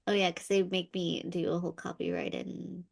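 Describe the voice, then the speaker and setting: Dry, teasing young woman with gravelly voice. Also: on the low side, little pitch movement, normal speed. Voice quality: nasal. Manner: dry, teasing, swears casually. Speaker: podcast co-host. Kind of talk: casual book chat.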